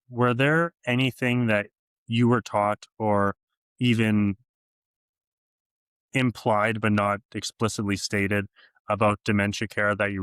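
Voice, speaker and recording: Man hosting a podcast, smooth resonant voice, dry mic, asks measured questions. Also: on the low side, fairly bright tone, no room sound. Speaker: podcast host. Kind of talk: interview questions.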